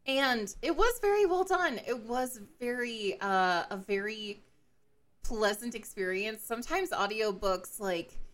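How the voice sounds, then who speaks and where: A woman co-hosting a book podcast, animated and dramatic as she retells scenes and acts out the characters. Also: a little high, a little slow. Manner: animated, slips into exaggerated character voices while retelling. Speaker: podcast co-host. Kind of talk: casual book-club chat.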